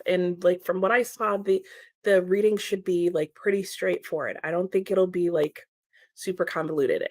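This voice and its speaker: A woman's voice: fairly low pitch, dry recording. A woman hosting a livestream in casual chat, reading out viewer comments, still sleepy, giggling and stumbling over her words. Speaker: livestream host.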